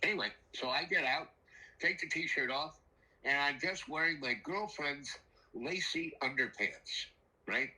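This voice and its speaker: An older man telling a rambling personal story in a casual, animated way, acting out the voices of the people in it. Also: a little high, unhurried, poor audio. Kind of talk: casual spoken anecdote.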